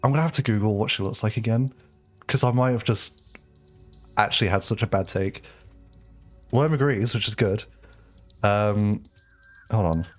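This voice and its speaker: English male streamer, lowish voice, rambling chatty delivery, faint game music underneath. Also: normal speed, pauses often. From England. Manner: rambling, chatty, many fillers and restarts. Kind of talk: casual live-stream chat.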